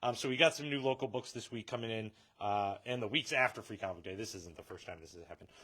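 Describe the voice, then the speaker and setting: A man's voice: lowish voice, fast talker, pushed and bright. A man hosting a casual live stream from a comic shop, joking and laughing often.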